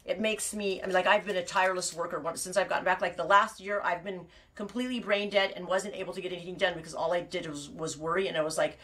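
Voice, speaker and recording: A woman with a slightly low voice chats casually on a live knitting stream from home on her farm. She rambles, restarts her sentences, laughs a lot and drops the odd swear word. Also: steady tone, fast talker, few pauses, a bit bright. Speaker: knitting show host and sheep farmer.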